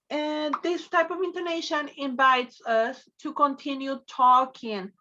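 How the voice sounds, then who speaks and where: A Spanish-speaking woman gives an online English lesson, explaining carefully and switching into Spanish now and then. Her voice is high and bright. The audio is dull and lo-fi, like a video call. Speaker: English teacher. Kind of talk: online class lecture.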